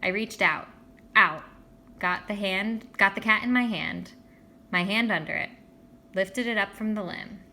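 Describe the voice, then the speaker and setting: Female reader, bright forceful tone, expressive storybook narration that voices every character. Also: mid-range voice, measured pace, pauses often. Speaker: audiobook reader. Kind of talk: reading a children's novel aloud.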